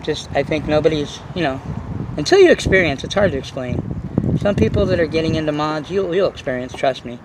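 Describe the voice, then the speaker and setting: A man talking to camera about his hobby in a casual, boastful, rambling way, full of restarts and excitement. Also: a little high, brisk, noisy background. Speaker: RC nitro hobbyist vlogger.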